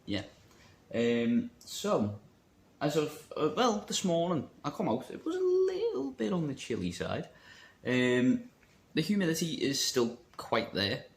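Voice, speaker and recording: Huge pitch swings mark this man's fairly high, creaky voice, and he talks a little slowly. He's a vape shop worker vlogging casually, rambling, joking and poking fun at himself.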